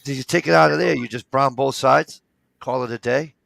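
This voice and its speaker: A man with a deeply gravelly, fry-heavy voice tells loose, rambling stories in casual chat. He swears freely and restarts his sentences often. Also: a little fast, a bit bright, no echo.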